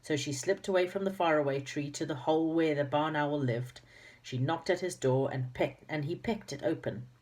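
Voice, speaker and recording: Low-voiced woman reading a storybook aloud. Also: moderate pace, darkish tone. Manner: chatty asides and small slips while reading. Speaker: reader. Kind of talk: reading a children's book aloud.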